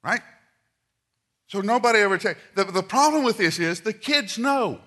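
A middle-aged man preaching a sermon, telling stories and swinging from loud, quick asides to hushed, slow lines. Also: sits high, animated.

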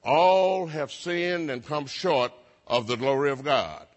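Husky preacher in a reverberant hall. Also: male voice, a little high, lively intonation, takes it slowly. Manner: rhythmic call-and-response preaching, repeating phrases. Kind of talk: sermon.

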